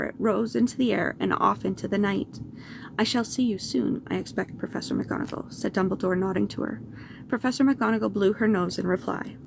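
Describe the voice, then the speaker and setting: A woman reading a children's book chapter aloud, steady and unhurried. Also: mid-range voice, vocal fry, noisy background. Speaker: storyteller.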